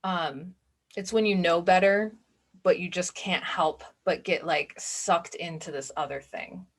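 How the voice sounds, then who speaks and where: A woman's voice: fairly low pitch, a little slow. A woman coach giving a recorded masterclass in a casual, chatty way, often saying "like". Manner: chatty, informal, many "like" fillers. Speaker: business and spiritual coach.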